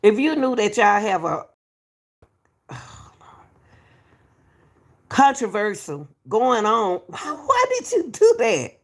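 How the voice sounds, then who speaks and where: Woman, gravelly voice, reaction commentary, repeats herself, says baby. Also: low voice. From Atlanta, US. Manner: repetitive, emphatic, calls people baby. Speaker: YouTube commentator.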